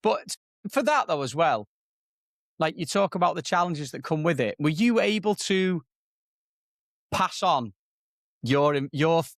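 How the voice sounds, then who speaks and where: A man hosting a podcast, asking questions in a relaxed conversational interview style. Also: a little high, a little slow, pauses often, dry recording, clean studio sound. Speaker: podcast host.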